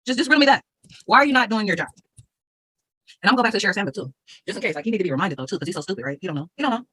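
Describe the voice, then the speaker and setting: A woman's voice: medium pitch, animated, racing, a bit bright, husky, no room sound, poor audio. A woman in a heated direct-to-camera rant, emphatic, repeating phrases and reading legal text aloud. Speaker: vlogger arguing her court case.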